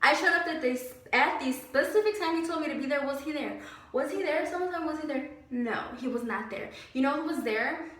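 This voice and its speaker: A young woman vlogger telling a story about a bad job in a casual, animated and indignant way, with lots of "like". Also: high-pitched, fairly quick. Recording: very echoey room, slightly distant mic.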